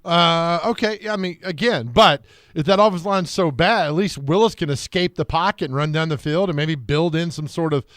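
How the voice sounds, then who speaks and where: A man's voice: a little high, a little fast, a bit bright, no room sound, studio quality. A man co-hosting sports talk radio, rambling and telling stories with many restarts.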